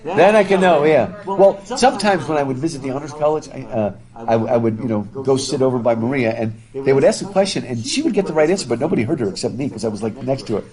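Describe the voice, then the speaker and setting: A man lecturing to a live class while wearing a face mask, chatty and animated, often repeating words as he thinks aloud. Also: mid-range voice, fast talker, a crowd in the background, low-quality recording. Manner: talking through a face mask. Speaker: professor. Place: university classroom with students. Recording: classroom with students audible.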